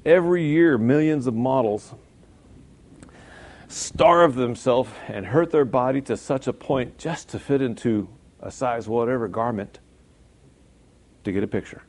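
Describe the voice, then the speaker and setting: A man preaching a sermon in a conversational way, now and then jumping to loud emphasis and acting out quoted voices. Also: mid-range voice, unhurried, long pauses.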